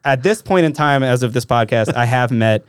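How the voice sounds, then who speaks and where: Brief: a quick, rambling male podcast guest from Alaska, dry mic. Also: mid-range voice, clean tone, dry recording. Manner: animated, rambling, self-interrupting. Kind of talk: casual storytelling.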